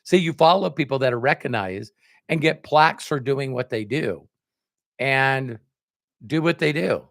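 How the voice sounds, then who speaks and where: A man gives a motivational talk on a livestream, speaking at an average pitch. He acts out old conversations, jumping his voice up for the other people's lines. The sound is dry and close, with no room around it. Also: animated, moderate pace, vocal fry, fairly bright tone, no room sound. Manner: acts out quoted dialogue with jumps in pitch. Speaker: network marketing speaker.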